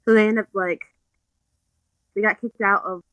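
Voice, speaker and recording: A woman's voice: medium pitch, normal speed, no room sound, low-quality recording. A young woman co-hosting a podcast, recapping a book in casual chat and acting out what the characters say. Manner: animated storytelling, quotes characters in little voices. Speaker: podcast co-host.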